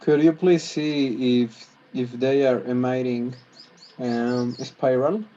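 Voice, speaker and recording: A man practices polite requests in an English lesson, restarting and searching for words as he goes. His voice is mellow and relaxed. The audio is dull and lo-fi. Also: mid-range voice, slow. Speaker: English student.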